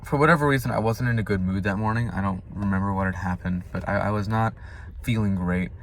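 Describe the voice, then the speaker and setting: A young man vlogging a personal faith reflection, earnest and confessional, now and then flaring into loud, impassioned outbursts. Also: fairly low pitch, fast, slight background noise.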